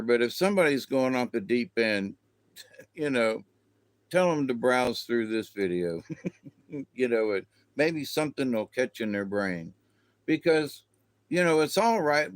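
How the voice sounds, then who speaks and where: A man with a mid-range voice hosts a casual spiritual livestream, rambling and chatting with viewers and laughing often. There is no room sound.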